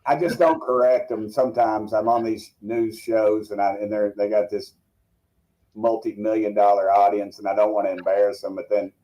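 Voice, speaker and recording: Low, mellow-voiced Tennessee man. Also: little pitch movement, moderate pace, muffled recording. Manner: folksy, rambling storyteller. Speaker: congressman guest. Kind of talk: casual interview chat.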